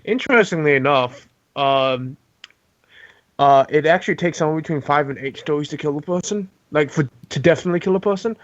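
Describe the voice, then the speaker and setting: A man playing a tabletop game, talking eagerly and quickly jumping in. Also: on the high side, muffled recording. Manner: eager, talkative. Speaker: player. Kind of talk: casual tabletop play.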